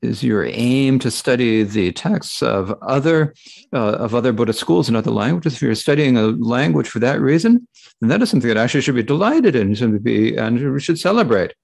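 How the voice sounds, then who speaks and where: Halting gravelly man interpreting a Dharma talk. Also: mid-range voice, lively intonation, a little mellow. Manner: halting, with frequent restarts and fillers.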